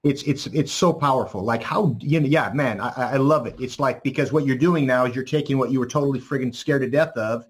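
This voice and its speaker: A male host reacts to his guest with eager enthusiasm, tripping over repeated words. His voice has a husky, slightly rough edge at a medium pitch. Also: brisk, hardly any pauses. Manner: enthusiastic, lots of fillers and repeats. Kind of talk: casual interview.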